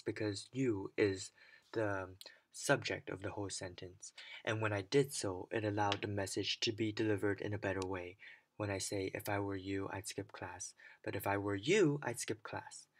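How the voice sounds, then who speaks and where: Young guy tutor explaining pronunciation, lowish voice, clear teacher delivery. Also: level tone, moderate pace. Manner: clear teacherly delivery, demonstrating stress patterns. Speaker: English speaking tutor. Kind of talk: scripted lesson to camera.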